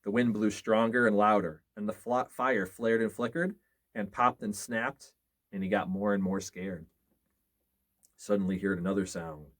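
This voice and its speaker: A man reading scary stories aloud, expressively and with small slips. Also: lowish voice. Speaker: storyteller.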